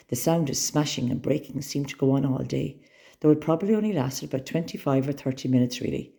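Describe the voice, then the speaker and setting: A woman reading a children's story aloud with expressive, dramatic storytelling. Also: a bass voice, a little fast, gravelly.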